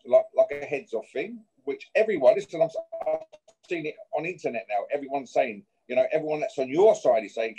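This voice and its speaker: In an interview full of trash talk, a boxer confrontationally challenges a rival, tacking "yeah?" onto every point. His mid-range voice is animated, brisk, warm and slightly rough, and the audio has its highs cut off.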